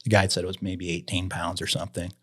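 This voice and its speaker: A man telling fishing stories as a podcast guest in a casual, animated way, raising his voice to act out the people he quotes. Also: sits low, fast. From Idaho, USA. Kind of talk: casual storytelling in an interview.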